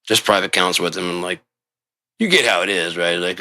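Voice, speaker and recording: Gravelly, swearing man on a rambling rant. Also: sits low, fairly quick. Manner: rambling, swearing constantly, loud outbursts. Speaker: show host. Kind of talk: profane rambling monologue.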